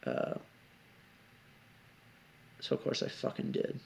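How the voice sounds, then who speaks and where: Gravelly man telling a rambling story. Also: mid-range voice, fairly even intonation, slow pace, pauses often. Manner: rambling, heavy swearing, frequent asides. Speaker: vlogger. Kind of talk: confessional storytelling vlog.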